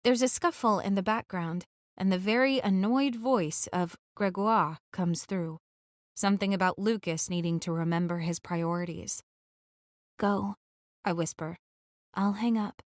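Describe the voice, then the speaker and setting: A woman narrating a first-person romance audiobook in a gentle, intimate reading style. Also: on the low side, steady tone, normal speed, no echo, studio quality.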